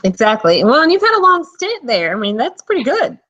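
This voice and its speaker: A woman's voice: high voice, sing-song, fairly quick, fairly bright tone, dull audio. A woman from North Carolina hosting an online interview in casual chat, laughing often and rambling a little. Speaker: interview host.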